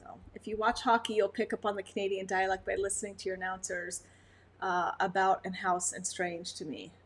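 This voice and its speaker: A woman's voice: medium pitch, flat delivery, a little fast, slight background noise. A woman from Montana with a Montana accent, a dog breeder chatting casually on a livestream, laughing often and answering viewers' comments. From Montana, USA.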